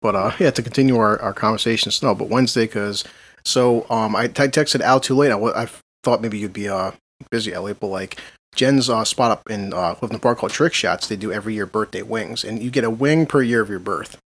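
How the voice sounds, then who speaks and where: A man's voice: fairly low pitch, fairly quick, fairly bright tone. A man in his late thirties, a podcast host telling a rambling story in casual chat, laughing often. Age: 30s.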